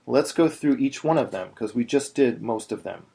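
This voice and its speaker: A man teaching Torah chanting in a video lesson, explaining step by step and chanting slow demonstrations. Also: medium pitch, lively intonation, gravelly, warm tone, slight background noise.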